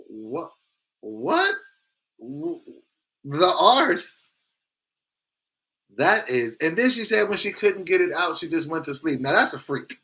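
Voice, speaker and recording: A man with a fairly high voice runs a casual live stream, reading chat comments out and reacting to them. He talks in big swings, from loud exclamations down to muttered asides, and laughs often.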